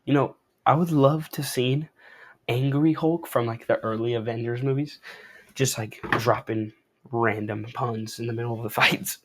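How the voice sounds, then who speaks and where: A man's voice: medium pitch, steady tone, moderate pace. A young adult man giving casual, slangy commentary while reading a comic aloud, with laid-back hedging asides.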